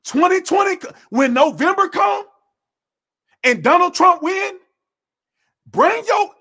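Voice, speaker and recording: High, lively, bright-voiced ranting man. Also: slow, gravelly. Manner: blunt, combative, repeats phrases for emphasis; slangy, informal speech. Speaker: political commentator. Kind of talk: heated political rant to camera.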